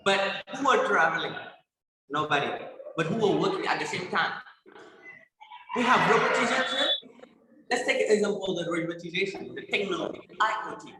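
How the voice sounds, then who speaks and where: A man's voice: sits high, quick pace, background noise. A teenage boy with a Senegalese accent giving a competitive debate speech over a video call, emphatic, firing rhetorical questions and stumbling over repeated words. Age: teens. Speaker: student debater. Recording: echoey room on a video call.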